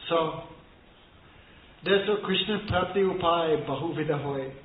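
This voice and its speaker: A man gives a scripture class in a fairly high voice, moving between storytelling and chanted verses. The sound is thin and phone-like, with a roomy echo and faint noise behind him. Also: a little slow. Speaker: spiritual teacher. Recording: echoey room over thin phone-like line.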